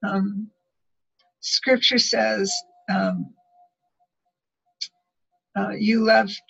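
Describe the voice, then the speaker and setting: Woman with a gravelly husky voice telling a faith story, muffled lo-fi sound. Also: medium pitch, a little slow, pauses often. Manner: animated storytelling, acts out dialogue. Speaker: prayer group member. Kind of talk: sharing a spiritual testimony. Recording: muffled lo-fi audio.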